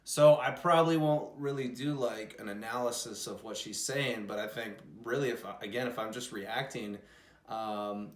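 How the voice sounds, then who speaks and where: A man's voice: lowish voice, echoey room. A young man hosting a music reaction, rambling and curious, swearing casually as he thinks aloud.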